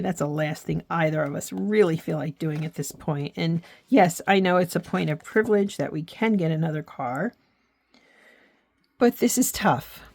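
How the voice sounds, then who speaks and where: With a deep voice and no audible room sound, she chats sincerely over her crafting, a middle-aged American who makes craft and faith videos. The talk is casual and heartfelt, and now and then she sounds close to tears as she reflects.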